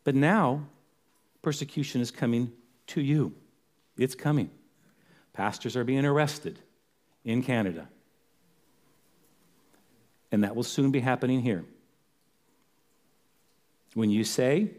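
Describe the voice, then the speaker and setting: A man's voice: medium pitch, animated, slow pace, pauses often, darkish tone. A man preaching a sermon as a pastor, earnest, repeating phrases for emphasis.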